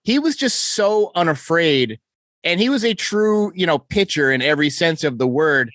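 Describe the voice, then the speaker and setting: A man talks through a sports podcast in a slightly high, lively voice, piling up numbers and correcting himself mid-sentence. His voice sounds close and dry on the mic, with no room around it. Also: normal speed, no room sound. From New York. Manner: stat-heavy, enthusiastic, self-correcting. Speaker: podcast host. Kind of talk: casual sports podcast chat.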